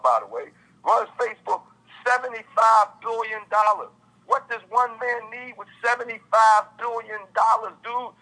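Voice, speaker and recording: Over poor audio, a man with a high-pitched, sharp voice gives an animated interview as an author. He speaks with passion in casual slang, performing his characters and his friends' dialogue.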